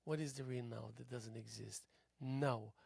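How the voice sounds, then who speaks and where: A tired man hosting a local TV show, musing aloud in a halting philosophical monologue that drifts into soft whispers. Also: mid-range voice, steady tone, creaky, breathy edge, dry recording. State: tired, yawning. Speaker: host. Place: local cable TV studio.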